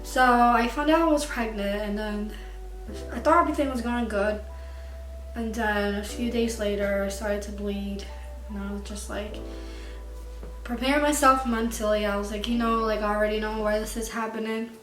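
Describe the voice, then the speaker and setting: A woman's voice: mid-range voice, steady tone, moderate pace, a bit bright. A young woman vlogger candidly telling a personal story to camera, emotional and tearful at times. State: crying at times. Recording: echoey room, far from mic, faint music.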